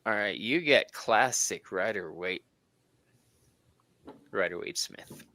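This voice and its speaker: A man hosting a casual tarot reading chat, chatty and quick to laugh. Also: lowish voice, animated, bright, forceful tone. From United States. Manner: chatty and giggly, laughs often. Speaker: tarot reader host.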